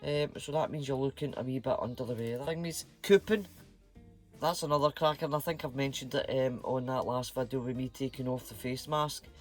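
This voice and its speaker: A man's voice: mid-range voice, fairly quick, soft background music. A middle-aged man with a Scottish accent, chatting casually and playfully to his vlog viewers in a rambling way. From Scotland. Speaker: channel host.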